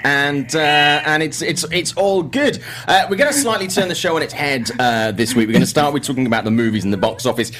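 A man's voice: fairly high pitch, expressive, fairly quick, hardly any pauses, a bit bright. A middle-aged man with an English accent, hosting a casual movie chat show, rambling and self-deprecating with many fillers. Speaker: host.

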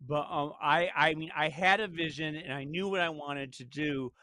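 A man hosting a casual interview chat, animated and laughing often. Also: fairly high pitch, normal speed, dry recording. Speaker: host.

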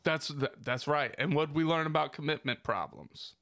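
A man's voice: fairly high pitch, lively intonation, normal speed, creaky, sharp tone, no echo. A man co-hosting a podcast, ranting in crude casual chat with heavy profanity, close to the microphone. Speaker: podcast co-host.

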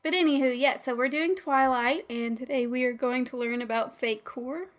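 Woman GM, high voice, rambling, giggly podcast host. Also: moderate pace. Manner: chatty, giggly, rambling with fillers. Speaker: game master. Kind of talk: casual podcast chat.

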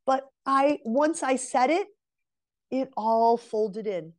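Woman in her forties, somewhat high voice, chatty storytelling, earnest advice to women. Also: slow pace. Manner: earnest, advice-giving, appeals directly to women listeners. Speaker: interview guest, relationship mentor. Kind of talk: casual conversational storytelling.

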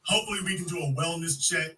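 A man's voice: on the high side, quick pace, pushed and bright, slight background noise. A man hosting a call-in show, mocking and insulting a caller and talking over her. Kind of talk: combative call-in talk. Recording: voice distant from the mic.

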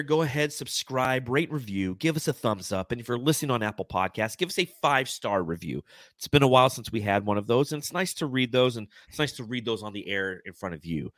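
A man's voice: medium pitch, fairly bright tone, dry recording, studio quality. A man hosting a casual sports podcast, reading out fan comments and laughing often. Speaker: podcast host.

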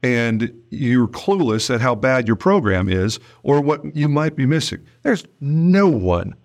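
A male podcast host talking shop in a relaxed conversation. His pitch swings widely and animatedly, and he slips into quick mock voices to act out sales calls. He sits at a middling pitch for a man.

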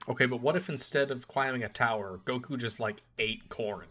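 Man, middle pitch, bright tense tone, casual podcast co-host, playful, enthusiastic, joking what-ifs. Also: brisk, slight background noise. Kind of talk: casual chat reviewing an anime episode.

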